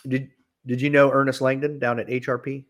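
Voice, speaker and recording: A man hosting a podcast, with an ordinary mid-range voice. He talks in an easygoing way and asks short, relaxed follow-up questions. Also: medium pitch, fairly quick. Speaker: podcast host. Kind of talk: casual interview chat.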